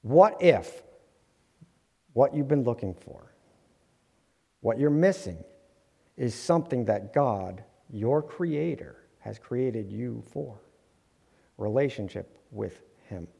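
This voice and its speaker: A man's voice: medium pitch, animated, slow pace, vocal fry, pauses often, dark tone, breathy edge. A man delivering an earnest sermon to his congregation, with light humorous asides. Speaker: preacher. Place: church sanctuary. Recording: long hall reverb.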